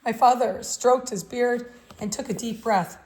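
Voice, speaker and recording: A woman reading a novel aloud in a measured, steady way. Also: on the high side. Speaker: audiobook reader.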